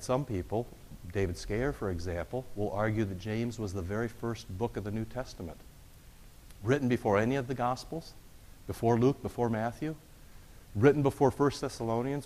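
A man's voice: lowish voice, darkish tone. Wry middle-aged man preaching in a hall. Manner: conversational and wry, with sarcastic asides. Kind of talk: lecture-style sermon. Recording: long reverb of a large hall.

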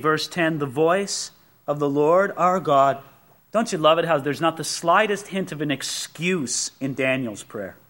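A man's voice: a little high, fairly bright tone. A male pastor preaching a sermon, emphatic and folksy, with rhetorical questions and personal asides.

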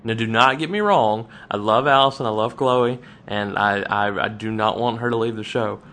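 Ranting male podcast co-host. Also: normal speed. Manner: animated, restarts often, rants with rising pitch. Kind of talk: casual chat.

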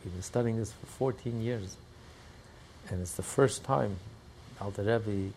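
A man teaching a religious text class, telling stories and breaking into shouts and laughter. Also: on the low side, measured pace, slight background noise. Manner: storytelling, bursts into shouts and laughter. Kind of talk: animated Torah class with storytelling.

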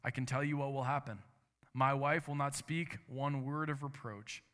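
A man's voice: mid-range voice, steady tone, fairly bright tone. Man preaching in an echoing church. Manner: earnest, measured storytelling with dramatic quoted lines. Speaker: pastor. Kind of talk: sermon with a read-aloud story.

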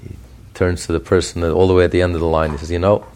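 A man, a rabbi, preaching a sermon with animated, repetitive emphasis and storytelling. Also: deep voice, fast, clean tone.

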